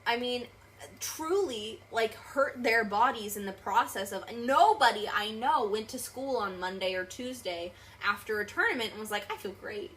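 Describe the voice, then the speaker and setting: Animated young woman guest, emphatic. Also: fairly high pitch, normal speed, a little hiss or hum. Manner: animated, emphatic, many fillers. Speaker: guest, accessibility advocate. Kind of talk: casual interview talk.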